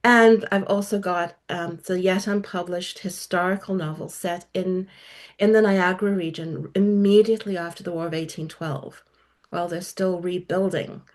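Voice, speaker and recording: A woman's voice: fairly low pitch, fairly even intonation, normal speed. A middle-aged woman guest author talking about her work in a podcast interview, articulate and enthusiastic. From South Africa.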